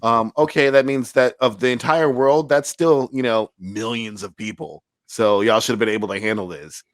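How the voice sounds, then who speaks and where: A man of middle pitch reviews a movie in casual podcast chat. He sounds sarcastic and exasperated and swears, and his voice comes through dry and close. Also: moderate pace, dry recording. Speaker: podcast co-host.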